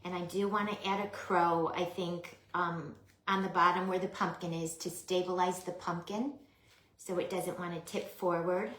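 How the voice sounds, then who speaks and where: A woman in her sixties with a girlish, high voice, chatting casually and often softly on a craft livestream. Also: level tone, roomy sound. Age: 60s. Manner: slow, chatty, often drops to a soft murmur.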